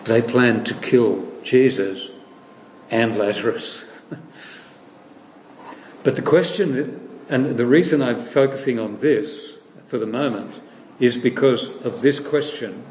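A man's voice: mid-range voice, takes it slowly, darkish tone, slight background noise. Storytelling male preacher in an echoey hall. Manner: storytelling, acts out quoted voices. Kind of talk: sermon.

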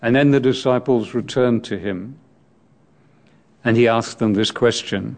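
A man's voice: medium pitch, a little slow, a little mellow. A man preaching a sermon on scripture, reflective and explaining the text, asking his listeners direct questions.

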